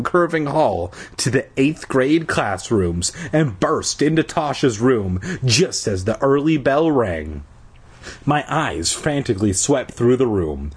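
A husky-voiced man reads a kids' story aloud with a lively, swinging delivery. He breaks in with irreverent, crude jokes between passages. The tone stays casual and mocking. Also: mid-range voice, unhurried. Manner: irreverent, joking. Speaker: reader. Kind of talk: comedic storybook reading with crude asides.

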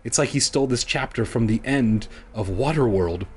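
A man's voice: medium pitch, normal speed, breathy edge. A man reading a children's book aloud for comedy, with sarcastic, profane asides. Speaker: comedic reader.

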